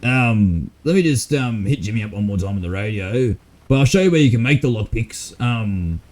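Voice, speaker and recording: A man's voice: lowish voice, lively intonation, normal speed, darkish tone. A man chatting casually while streaming a roleplay game, slangy, swearing often and laughing easily.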